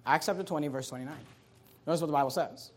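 A man with a notably high-pitched voice delivers a sermon as pastor. He leans hard into key phrases, slowing and rising, then slips into casual asides. He repeats chapter and verse references as he guides listeners. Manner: emphatic preaching, slows and rises on key phrases.

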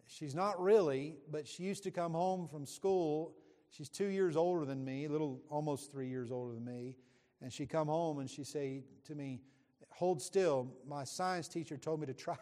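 A man's voice: medium pitch, dark tone. Middle-aged guy preaching, folksy and jokey, long church reverb. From West Virginia, USA. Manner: folksy, joking, addresses the congregation. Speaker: visiting preacher. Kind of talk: sermon introduction from the pulpit. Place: church sanctuary.

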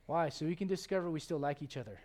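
A middle-aged male pastor preaching a sermon in an animated, joking way. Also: a little high, quick pace. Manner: animated, joking, acts out quoted voices.

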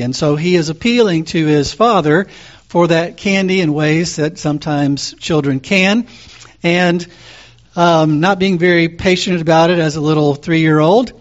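Man preaching a calm, conversational sermon. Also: on the high side, muffled recording. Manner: calm, conversational storytelling with frequent fillers. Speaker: pastor.

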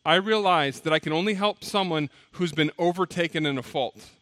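A male pastor preaching a sermon, telling stories with lively acted-out quotes. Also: fairly high pitch, a little fast, dry recording. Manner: animated storytelling, acts out quoted voices. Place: church.

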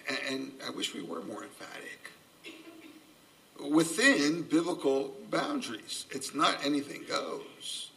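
An older man preaching a sermon, earnest and gently humorous, a self-described subdued speaker. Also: a little high, very animated, measured pace, gravelly. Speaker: pastor. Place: church sanctuary. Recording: voice from a distance off the mic.

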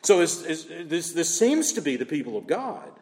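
A man preaching an expository sermon, emphatic and animated, rising to shouts of praise. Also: a little high, moderate pace. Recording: long reverb of a large hall.

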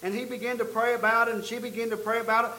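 Male pastor, very high voice, storytelling sermon, rising to emphatic peaks, echoey church room. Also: little pitch movement, rapid-fire, a little hiss or hum. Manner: storytelling preacher, building to loud emphatic peaks.

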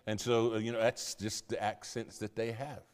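A man's voice: lowish voice, level tone, moderate pace, darkish tone. An older American man, a missionary pastor, telling stories in a sermon style, rambling with many fillers and repeated words. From United States. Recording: long hall reverb.

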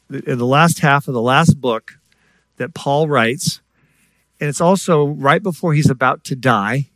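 A man preaching a sermon in a lively storytelling way, acting out voices and joking with the congregation. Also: mid-range voice, dry recording. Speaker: guest preacher. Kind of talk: sermon with stories.

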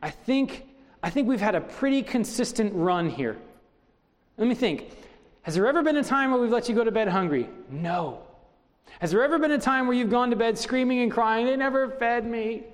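A man's voice: extremely high pitch, expressive, moderate pace, in a large hall. A middle-aged man preaching a sermon as pastor, driving home his points with strings of rhetorical questions.

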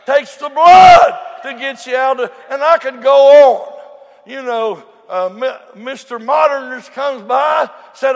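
A high-pitched, gravelly older man preaches a folksy sermon full of stories. He swings from shouting to near murmurs, and his voice rings through a hall with a long reverb. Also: slow, a faint crowd. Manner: shouting and dropping to a murmur, storytelling.

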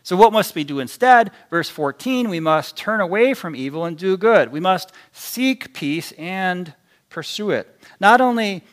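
A man preaching a sermon in a deliberate, emphatic way, his loudness rising and dropping sharply for stress. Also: high voice, animated.

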